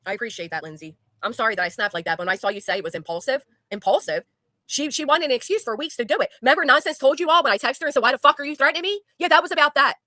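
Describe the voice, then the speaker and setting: A YouTube commentary host, a woman with a slightly high, expressive voice, races through an angry, sarcastic, profane rant at her guest on her talk show in a sharp tone. It is heated casual talk, captured in studio quality with no echo.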